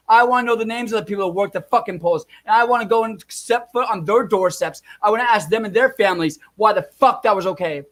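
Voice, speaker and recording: A young vlogger rants angrily at the camera, furious and swearing, shouting and repeating himself as he circles back to the same points. His voice sits high and frequently leaps upward when he yells, and he speaks directly to his audience throughout.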